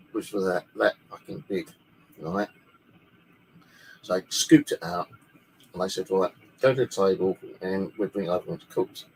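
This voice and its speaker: A man with a lowish voice tells a story in a loose, rambling way. He swears freely as he talks. There is a faint hiss behind him in his bedroom. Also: rough recording. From United Kingdom. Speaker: paranormal channel host. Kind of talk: casual storytelling.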